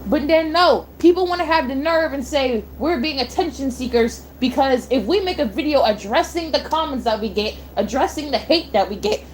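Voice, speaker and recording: A woman's voice: high voice, lively intonation, normal speed, hardly any pauses, slight background noise. A young woman streamer ranting, heated and blunt, swearing and repeating herself. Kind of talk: angry rant on a live stream.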